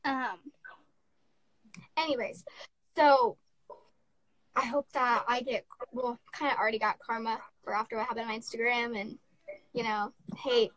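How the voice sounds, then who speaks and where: A young woman in her teens giving a halting, tearful apology on a phone live stream, full of fillers and restarts. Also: a little high, steady tone, a bit bright, no room sound, rough recording. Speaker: livestreamer.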